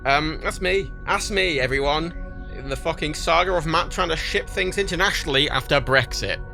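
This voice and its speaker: Faint music plays behind a young man from Britain as he livestreams casually from his home office. His voice sits on the high side, gravelly and sharp, at a moderate pace, and his talk is sweary and rambling with frequent restarts.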